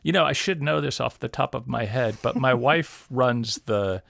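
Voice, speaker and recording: A middle-aged man, a guest audio producer, telling stories in a casual, animated interview. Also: mid-range voice, normal speed, vocal fry. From Detroit area, USA. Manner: animated storyteller, laughs easily.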